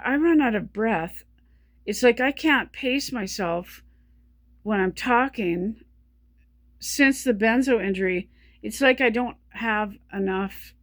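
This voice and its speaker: Breathless woman, halting weary speech. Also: a little high, no room sound, clean studio sound. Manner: halting, stumbling, many restarts. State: short of breath while talking. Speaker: vlogger. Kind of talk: personal video diary.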